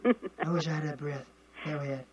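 A male radio host with a New York accent and a noticeably high voice, rambling and teasing his guest in easy talk. The sound is dull and lo-fi, like an old radio broadcast. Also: moderate pace, darkish tone. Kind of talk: casual radio interview.

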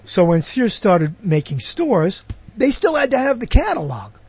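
A man's voice: high-pitched, big pitch swings, unhurried, a little mellow, breathy edge, no echo. A man hosting a show, talking in a rambling, chatty monologue that keeps breaking off into asides. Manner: digressive, chatty, self-interrupting. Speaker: show host.

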